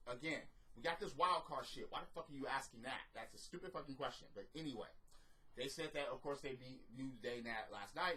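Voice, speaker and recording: A man's voice: mid-range voice, bright, forceful tone, low-quality recording. A man giving an exasperated, profanity-heavy recap and review of a wrestling show, ranting as he goes.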